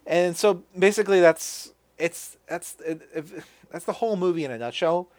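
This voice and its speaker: A podcast host with a high-pitched, slightly mellow voice casually recaps a movie at a moderate pace. It's a loose chat full of restarts and offhand swearing.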